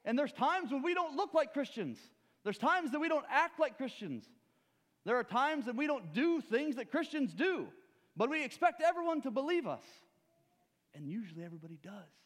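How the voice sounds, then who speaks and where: A man preaching a sermon, swinging from loud urging to hushed low asides, with rhetorical questions and acted-out stories. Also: big pitch swings, normal speed, long reverb tail.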